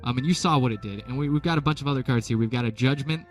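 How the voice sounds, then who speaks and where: A man's voice: mid-range voice, racing. A young man giving casual, rambling gameplay commentary with jokes at his own expense. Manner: rambling, jokey, self-deprecating. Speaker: let's play commentator. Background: game music.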